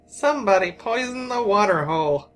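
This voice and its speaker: A woman's voice: medium pitch, lively intonation, normal speed, over a noisy crowd, close to an everyday voice, low-quality recording. A woman putting on a joking, hammy American drawl as a folksy cowboy-style man. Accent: mock American drawl.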